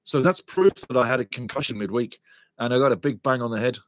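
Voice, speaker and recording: A man's voice: mid-range voice, fast talker, dry recording. A man hosting a live football watch-along stream, chatting casually and reading viewer comments aloud. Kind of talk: live stream chat and match talk.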